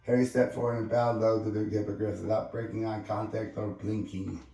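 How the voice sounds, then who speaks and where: A man reading a novel aloud as an amateur audiobook, halting with frequent slips and restarts. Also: lowish voice, little pitch movement, dark tone, distant mic. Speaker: reader. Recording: very echoey room, voice off-mic, faint music.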